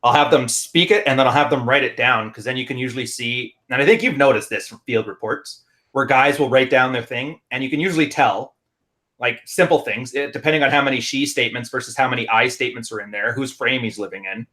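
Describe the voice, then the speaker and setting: A man with a Canadian accent co-hosting a casual podcast chat, telling stories briskly and laughing often. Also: mid-range voice, fairly even intonation, bright, forceful tone. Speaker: podcast co-host and relationship consultant.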